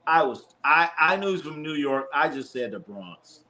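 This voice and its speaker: Streaming a basketball watch party, this guy speaks in a fairly high, bright, forceful voice with plenty of expression and a moderate tempo. Between loose play-by-play, he answers chat, kids around with his audience, and says things more than once.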